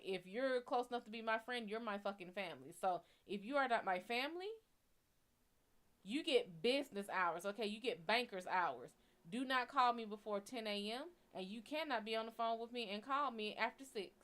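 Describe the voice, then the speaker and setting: A woman's voice: a little high, fairly bright tone, clean tone. A woman hosting a show, telling a story in a blunt, profane and heated way. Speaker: psychic reader and show host. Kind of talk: casual storytelling.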